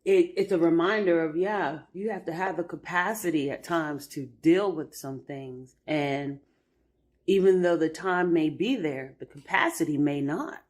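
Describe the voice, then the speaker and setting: A woman with a low-pitched voice co-hosts a relaxed podcast with her husband over breakfast at home. She agrees with him readily and laughs easily as they talk. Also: unhurried. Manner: warm, affirming, laughs easily. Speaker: podcast co-host, wife. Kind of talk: casual chat.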